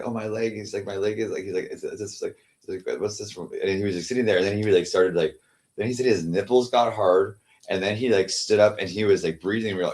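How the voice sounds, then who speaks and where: Streamer, male, deep voice, halting rambling chat that trails off into murmurs. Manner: halting, repeats words, trails off. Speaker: livestreamer. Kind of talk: rambling casual livestream chat.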